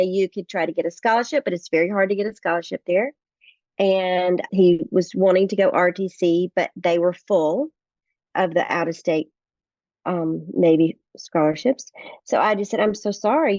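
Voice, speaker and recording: A woman's voice: mid-range voice, a little mellow, no room sound, highs cut off. A middle-aged woman, a guest author, telling family stories in earnest in a podcast interview and acting out the dialogue.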